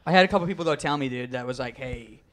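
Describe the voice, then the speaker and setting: A man's voice: a little high, rapid-fire, a bit bright. A man who is a stand-up comedian, a guest in casual podcast chat, laid-back and saying "dude" constantly.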